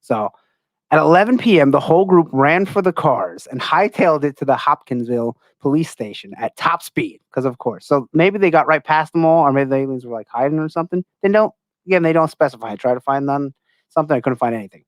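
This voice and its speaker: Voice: mid-range voice, expressive, a little fast, no echo. A podcast host reading out a cryptid story in a casual, joking way, often laughing and slipping into silly voices.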